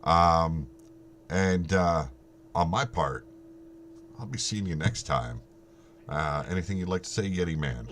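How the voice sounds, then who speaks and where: A man's voice: deep voice, expressive, measured pace, pauses often, a bit bright, slight background noise. A middle-aged man hosting a live stream in casual chat, swearing freely and laughing often.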